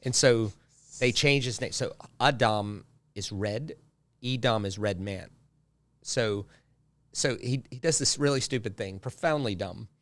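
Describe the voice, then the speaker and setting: A man's voice: on the low side, unhurried, no room sound. A man, a guest pastor, talking in a casual podcast conversation, telling stories with lots of repeated phrases for effect.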